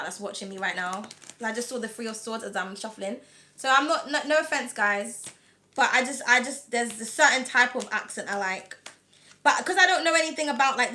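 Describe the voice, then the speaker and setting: This tarot reader is a British woman whose voice is on the high side, sharp, and slightly whiny. She talks loosely through a live reading, chatty and meandering, dropping plenty of "like" and "um" and laughing frequently.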